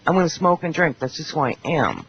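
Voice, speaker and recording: Creaky, low and a little fast, a woman's voice carries a blunt, talkative turn as a panelist on a casual roundtable talk show, where she quotes people in animated voices. The recording sounds like dull internet radio with a faint hiss.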